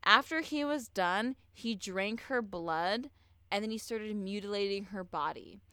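A woman's voice: medium pitch, a little slow, pushed and bright, smooth, no echo, clean studio sound. A woman co-hosting a podcast, telling a true-crime story in blunt, profane, casual chat full of fillers.

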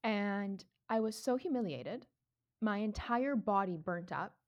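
A woman in her thirties telling a story in casual chat, animated, swearing freely and laughing often. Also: mid-range voice, measured pace, highs cut off. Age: 30s.

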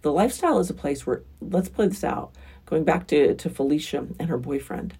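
A woman's voice: sits low, expressive, fairly quick, mellow, slightly rough. A woman hosting a frank, casual advice monologue, talking bluntly and with emphasis. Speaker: relationship advice host.

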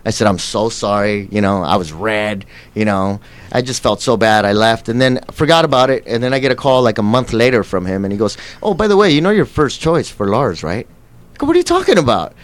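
A man guest in an interview, telling stories in a casual, animated way and acting out quoted lines. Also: on the low side, a little fast. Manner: animated, acts out quotes with laughs. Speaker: actor guest.

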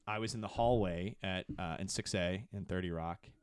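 A middle-aged man and podcast producer in casual chat, telling stories with bursts of excitement that jump high in pitch. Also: normal speed, smooth, dry recording, studio quality. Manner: excitable storyteller, swings to high animated peaks.

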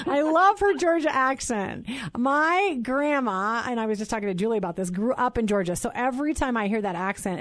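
A woman's voice: a little high, no echo, clean studio sound. A woman in her forties hosting a Christian radio talk show, chatty and bubbly, laughing often. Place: radio studio.

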